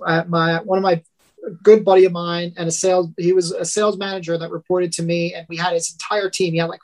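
A man with a thick New York accent, a podcast guest telling stories in a halting way, often restarting and laughing. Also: high-pitched. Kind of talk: casual interview chat.

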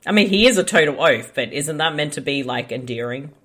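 A woman with an Australian accent co-hosting a casual movie commentary, making wry quick jokes. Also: low voice, animated, fairly bright tone. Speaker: podcast co-host.

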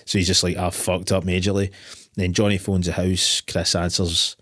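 A man's voice: low-pitched, level tone, moderate pace, a bit bright, breathy edge, no room sound, studio quality. A man, co-hosting a casual film podcast, swearing and laughing as he retells scenes. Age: 40s. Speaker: podcast co-host. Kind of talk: casual chat.

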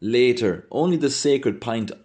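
A man voicing a boisterous, mocking young Irishman who talks loudly and theatrically. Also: mid-range voice, animated, measured pace, pitched above the performer's own voice, close to an everyday voice. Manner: loud, theatrical, teasing.

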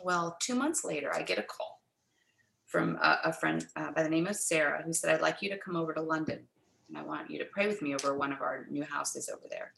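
A middle-aged woman, a guest in an interview, telling a personal faith story in an animated way and acting out the quoted dialogue. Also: low-pitched, fairly quick, vocal fry, roomy sound, rough recording.

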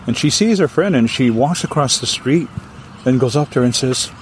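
A male storyteller from Hawaii tells a ghost tale in a lively, dramatic way. His pitch sits mid-range for a man. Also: moderate pace, slight background noise. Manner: vivid, animated telling with acted voices. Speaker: storyteller guest.

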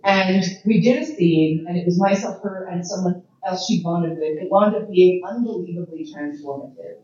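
A woman speaking as featured guest at a conference Q&A, telling stories in a casual, profane, animated way. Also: fairly low pitch, normal speed. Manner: profane, animated storyteller with frequent laughs. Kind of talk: casual storytelling Q&A. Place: event room at a conference. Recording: echoey room from far off, dull and noisy.

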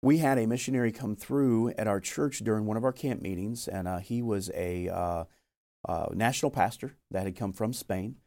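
Here a young male missionary, interviewed as a guest, earnestly tells the story of being called to missions, acting out what people said. The voice is lowish and warm, delivered at a moderate pace.

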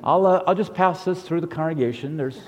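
A middle-aged man who is a pastor, leading a children's sermon and prayer in a gentle, conversational way. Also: on the high side, brisk. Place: church sanctuary. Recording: long reverb of a church hall.

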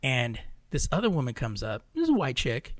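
A man's voice: medium pitch, very animated, brisk, no room sound, clean studio sound. Laughing man rambling through a story. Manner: rambling anecdote told with acted-out quotes and laughter. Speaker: podcast co-host. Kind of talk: casual chat, storytelling.

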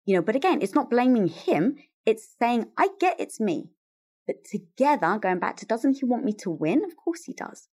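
A woman's voice: a little high, normal speed, slightly rough. A woman who is a guest author in an interview conversation, telling stories animatedly and acting out quoted lines. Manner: animated storyteller, acts out quotes.

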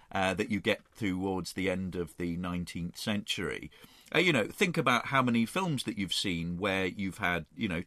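Guy talking history, enthusiastic and rambly, punchy bright voice, low pitch. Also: no echo. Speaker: guest historian. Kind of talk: conversational explanation.

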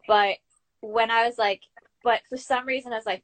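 A young Australian woman, an actor, telling her story in a chatty, animated way as an interview guest. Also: fairly high pitch, normal speed. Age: young adult. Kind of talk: casual interview chat.

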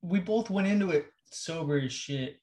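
A man chats loosely on a podcast, full of swearing and stop-start restarts. His voice sits a little higher than usual for a man. He sounds laid-back and unpolished. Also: expressive, normal speed, a loud crowd. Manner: loose, profane, rambling with restarts. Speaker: podcast co-host. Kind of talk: casual chat.

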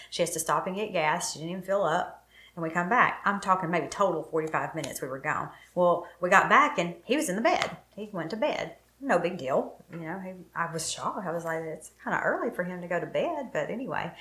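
A middle-aged woman with a fairly low voice tells a painful personal story with feeling. She brings it to life by acting out what each person said. Her voice carries a roomy echo. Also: a bit bright. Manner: emotional, vivid retelling with quoted dialogue. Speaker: guest telling her story.

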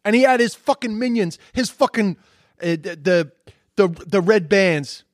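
Sweary ranting man, indignant, fairly high voice, dry close sound. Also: lively intonation, a little slow, no echo. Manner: indignant, sweary, repeats himself when heated. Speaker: commentator reacting to posts. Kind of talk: profane rant reacting to social media posts.

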